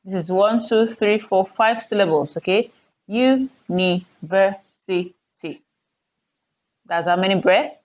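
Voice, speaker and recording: A woman teaching an online lesson. She speaks deliberately and repeats words for emphasis. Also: medium pitch. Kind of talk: recorded online English lesson. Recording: dull lo-fi recording.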